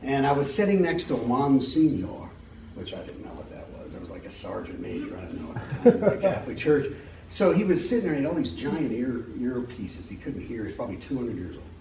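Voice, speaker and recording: A man's voice: medium pitch, sing-song, brisk, dark tone, a little hiss or hum. A middle-aged American man giving an unscripted personal testimony at a church meeting, rambling and joking as he tells stories. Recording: echoey hall from a distance.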